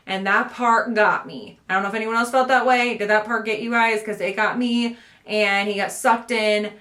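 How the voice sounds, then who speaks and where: A woman's voice: mid-range voice, pushed and bright, echoey room. A woman talking casually and animatedly as a book vlogger, laughing often as she reviews a horror novel.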